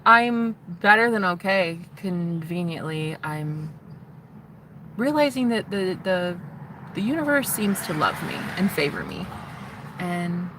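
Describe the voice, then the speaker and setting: A woman's voice: lowish voice, lively intonation, takes it slowly. A young woman rambling in a casual, confessional vlog, teary and chatty, sometimes dropping to a whisper. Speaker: vlogger. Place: in a parked car. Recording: noisy with traffic behind.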